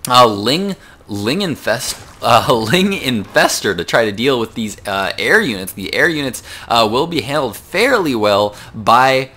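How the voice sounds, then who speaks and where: A young man doing solo play-by-play commentary on a video game match, talking fast with many fillers and a rough morning voice. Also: medium pitch, sing-song, bright, forceful tone. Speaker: esports caster.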